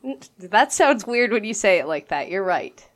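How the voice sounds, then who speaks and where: A woman's voice: medium pitch, sing-song, normal speed. A woman co-hosting a casual podcast from home over a call, teasing and laughing often. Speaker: podcast co-host.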